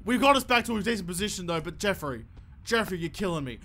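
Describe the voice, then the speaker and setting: High, bright-voiced man gaming. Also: fast talker, slight background noise. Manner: sweary, excitable ranting at the game. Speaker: gaming YouTuber. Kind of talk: gameplay commentary.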